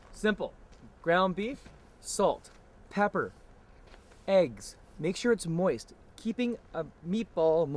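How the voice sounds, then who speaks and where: A man hosting an outdoor grilling show, talking through a recipe in a hammy, excitable way and hollering over the food. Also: a little high. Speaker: cooking show host. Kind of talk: upbeat cooking demo chat.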